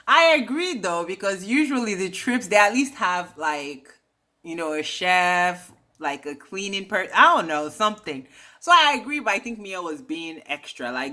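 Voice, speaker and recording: A woman's voice: medium pitch, animated, moderate pace, pushed and bright. A woman casually recapping a reality show, chatty and slangy, dropping opinionated asides.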